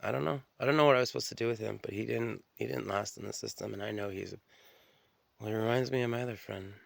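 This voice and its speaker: A man's voice: lowish voice, fast talker, gravelly, no room sound. A man telling stories in a rambling, profane, stream-of-consciousness solo monologue, often restarting his sentences.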